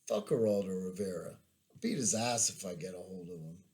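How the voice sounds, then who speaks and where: A man reading aloud and voicing a usually quiet young gunner who speaks bluntly and crudely. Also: sits low, brisk, voice pushed down. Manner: blunt, profane.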